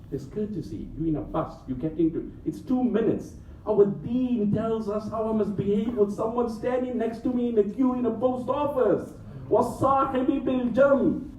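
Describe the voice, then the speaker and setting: Man, high-pitched, impassioned sermon, quick Arabic recitation, echoey mosque hall, dull muffled sound. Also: a little mellow, distant mic, slight background noise. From Africa. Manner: impassioned, joking asides, rapid Arabic recitation. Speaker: Islamic scholar.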